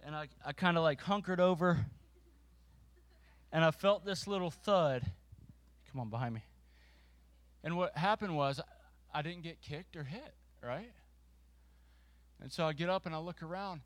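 A man preaching to a congregation, telling a funny story with a volunteer on stage, lively and self-mocking. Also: on the high side. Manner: lively and self-mocking, with quick restarts and laughter.

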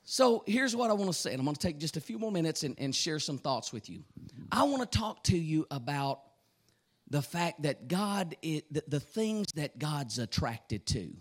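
A man preaching a fervent sermon, repeating phrases and breaking into shouts. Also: on the high side, big pitch swings, moderate pace.

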